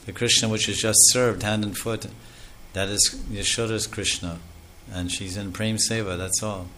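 A man's voice: on the low side, fairly even intonation, moderate pace, bright, forceful tone, slight background noise. A man preaching a devotional sermon in an explanatory way, with many Sanskrit terms and lists of steps.

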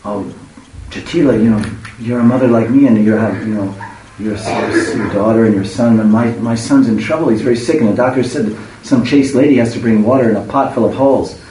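A man's voice: mid-range voice, a little fast, dark tone, natural voice. A man voicing a fretful pleading mother, far off. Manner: begging, fretful. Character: anxious pleading mother, a cowherd queen. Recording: echoey room, far from the mic, faint hiss.

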